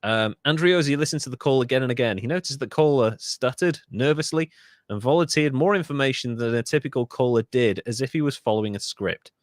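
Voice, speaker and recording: A Welsh man with a middle-pitched voice tells a story on a podcast, breaking off now and then for asides and quick corrections. The sound is dry and close, with no room behind him. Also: no echo. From Wales. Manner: reads a story aloud with asides and self-corrections. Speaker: podcast host.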